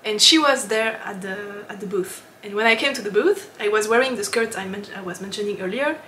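A woman hosting a knitting podcast in a casual, chatty way, often laughing and pausing with ums. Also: medium pitch, pushed and bright, reverberant, slight background noise. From lives in Switzerland.

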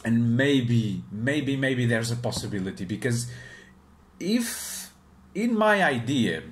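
A man giving an unscripted review of a manga chapter in a relaxed, unhurried way. He speaks at a slow pace in a middle-pitched voice. He often hesitates, fills gaps with "um" and restarts his sentences.

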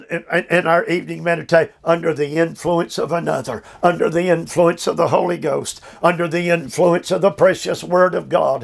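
Older male preacher with a gravelly voice, pitched a bit high, leading a slow, emphatic Bible study from home. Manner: slow, emphatic, drawn-out phrasing with repeated fillers. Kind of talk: verse-by-verse Bible study sermon. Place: his home.

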